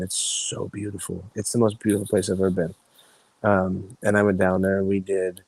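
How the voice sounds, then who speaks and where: Rambling, low-voiced man telling stories. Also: no room sound, poor audio. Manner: rambling, animated voices when quoting friends, frequent restarts. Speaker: podcast guest. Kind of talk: casual storytelling chat.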